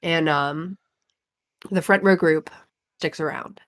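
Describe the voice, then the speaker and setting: A woman co-hosting a live podcast, telling a story in a lively way and acting out what people said. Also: low voice, slow. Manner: animated storyteller, acts out quotes. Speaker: podcast co-host. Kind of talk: casual chat, storytelling.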